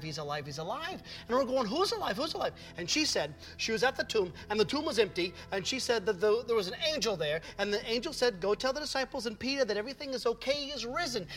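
A man playing an excitable, rambling apostle fisherman. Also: high-pitched, low-quality recording. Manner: exuberant, rambling, breathless storytelling. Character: excitable adult male apostle Peter, eager fisherman. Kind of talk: church skit acting.

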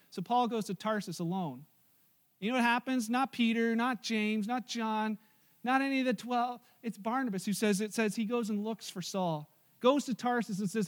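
A middle-aged man preaching a sermon in a church, telling stories with lively acted quotes and asides to the congregation. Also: very high-pitched, normal speed. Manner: animated, storytelling with acted quotes and audience asides. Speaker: pastor.

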